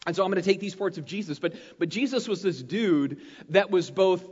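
A man preaching a sermon as pastor, talking in an animated, conversational way and checking in with his listeners often. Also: high voice, fairly quick, husky. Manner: conversational, animated preaching with frequent "right?" tags. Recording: muffled, long hall reverb.

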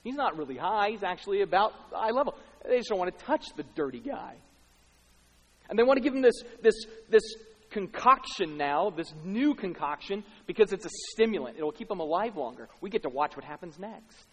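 High-voiced preacher booming in a reverberant hall. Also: male voice, expressive, fairly quick, husky. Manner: dramatic swings from hushed to shouting. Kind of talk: sermon.

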